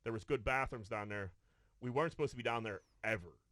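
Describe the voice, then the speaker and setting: The speaker is a man co-hosting a podcast, telling a profane, casual story in the studio with many restarts and acted-out quotes. His lowish voice moves fast with a fairly bright tone on a dry recording.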